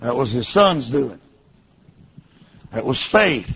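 A man preaching a sermon as a story, emphatic and repeating rhetorical questions to the congregation, at times rising to a shout. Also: mid-range voice, sing-song, takes it slowly, creaky, slight background noise. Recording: dull lo-fi recording.

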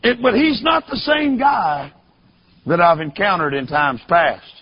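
A man preaching a sermon as a story, emphatic and repeating rhetorical questions to the congregation, at times rising to a shout. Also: high voice, measured pace, husky. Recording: dull lo-fi recording.

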